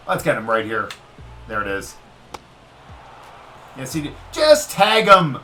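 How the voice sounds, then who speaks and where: A man giving casual let's-play commentary on a baseball video game, excitable and talking straight to the game as he cheers and groans at each pitch. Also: slow pace, pauses often, soft background music. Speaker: gaming video creator.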